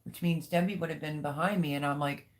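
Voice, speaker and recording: Hosting a relaxed livestream from her home, this woman talks candidly, rambles, and reads out what viewers comment. Her low voice holds a steady tone at a quick pace.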